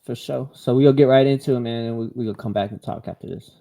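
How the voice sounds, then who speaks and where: A man's voice: medium pitch, fairly even intonation, fast, vocal fry, mellow. A man hosting a casual podcast interview, giving brief easygoing prompts with fillers. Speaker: podcast host.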